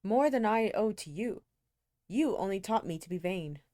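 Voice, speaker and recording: A woman's voice: mid-range voice, expressive, normal speed, mellow, no room sound, clean studio sound, lightly acted. A woman reading as a cool, callous young man. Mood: defensive. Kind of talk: amateur read-aloud of a novel.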